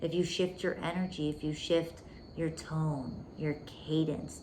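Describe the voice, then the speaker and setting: A woman with a deep, a little mellow voice speaks at normal speed in a steady tone, with slight background noise. Hosting a relationship podcast, she coaches intimately and emphatically, calling the listener "baby" and lowering to whispers to stress points.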